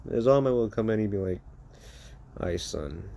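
A man's voice: lowish voice, quick pace, warm tone, lo-fi sound. A man improvising a fan story aloud, rambling, correcting himself and swearing casually. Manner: rambling, self-correcting, profane.

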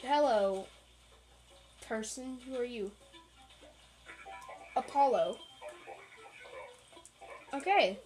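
A woman's voice: on the high side, extremely slow, pauses often, a little mellow, rough recording. A woman giving casual, rambling, playful commentary while playing a video game, with jokey asides. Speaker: gaming channel host.

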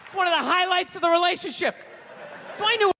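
A man with a very high, sharp-edged voice rants through a profane stand-up set. His voice carries through a big hall with a long tail of reverb. A faint crowd murmurs behind him. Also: fast talker, vocal fry. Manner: profane, ranting, mocking. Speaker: stand-up comedian. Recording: stage mic in a reverberant hall with a live audience.

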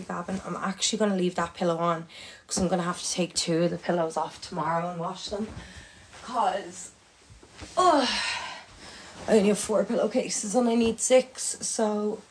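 A woman's voice: mid-range voice, moderate pace, gravelly, a little hiss or hum. A young woman casually chatting to her viewers while she plays a game, swearing freely and shrieking when things go wrong. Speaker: livestreamer. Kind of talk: casual gaming livestream chat.

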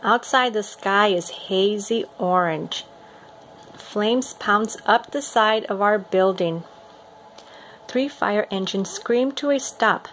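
Woman, picture book read-aloud, steady expressive narration, faint background hiss. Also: mid-range voice, slow. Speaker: reader.

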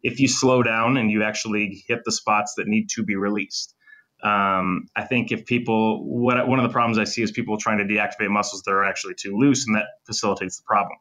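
A man's voice: lowish voice, steady tone, fairly bright tone. A man, a sports medicine doctor as podcast guest, explaining injury and muscle function in detail with clinical terms. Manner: fast, technical, lecturing with clinical terms. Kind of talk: podcast interview, explaining in depth.

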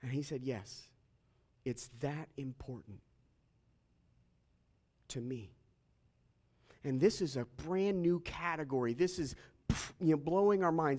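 High-voiced man preaching a sermon. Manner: animated, jokey, asks the congregation questions. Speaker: pastor.

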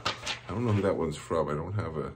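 Cheerful deep-voiced school principal. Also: male voice, a little fast, a little hiss or hum. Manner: cheerful, affectionate, chuckles at jokes. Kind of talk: morning announcements to students.

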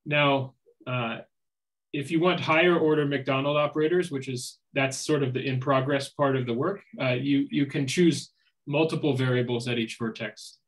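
A man's voice: mid-range voice, fairly even intonation, moderate pace, rough recording. A man giving an academic lecture as seminar speaker, thinking aloud with frequent fillers and restarts.

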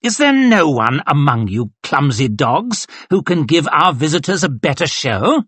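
A man's voice: medium pitch, wildly swooping pitch, moderate pace, husky, no room sound, pitched above the performer's own voice. A man voicing an arrogant, cruel male army colonel who mocks his men with a commanding tone. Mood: mocking. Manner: mocking, commanding.

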